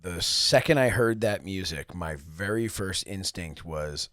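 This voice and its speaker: A man co-hosting a podcast in casual chat, excitable and swearing freely. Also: low voice, slow, no room sound, clean studio sound. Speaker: podcast co-host.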